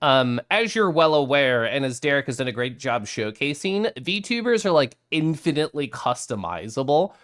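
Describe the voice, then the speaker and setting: Animated, giggly live streamer. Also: medium pitch, moderate pace, few pauses. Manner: animated and giggly, greets viewers often. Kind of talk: casual live-stream chat, reading viewer messages.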